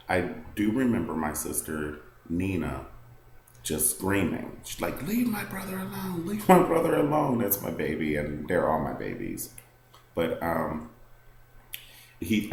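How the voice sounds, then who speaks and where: A man with a remarkably low, deep voice tells a personal story straight to the camera. He rambles candidly, leaning on "like" and "um" as he goes. The sound is roomy and echoey, with a faint hum of noise underneath. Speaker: vlogger.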